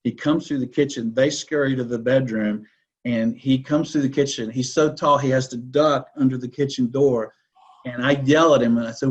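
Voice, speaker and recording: Here the broker's voice is medium-pitched, steady, and slightly rough, at a moderate pace, with the recording's highs cut off. As a podcast guest, he assertively tells stories in a conversational interview, frequently tossing in "right?"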